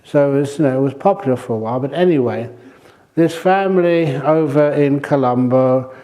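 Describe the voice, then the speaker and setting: An older man, a meditation teacher, giving a relaxed, humorous dharma talk at a retreat and telling stories in a chatty way. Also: medium pitch, moderate pace. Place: retreat centre hall.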